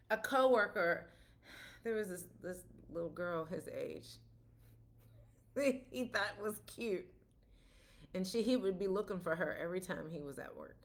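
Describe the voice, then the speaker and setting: A woman talks in an easy, conversational way and leans on everyday stories and quoted back-and-forth. Her voice sits at an ordinary middle pitch for a woman, and the talk is casual and explanatory. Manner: conversational, storytelling with quoted dialogue. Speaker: parent speaking about autism.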